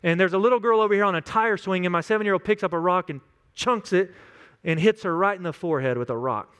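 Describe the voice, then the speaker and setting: A pastor in his thirties with a Texan drawl preaches in an earnest, conversational way and leans on family stories to make his point. His voice sits a little higher than most men's. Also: quick pace, a bit bright, clean tone. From West Texas. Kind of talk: sermon.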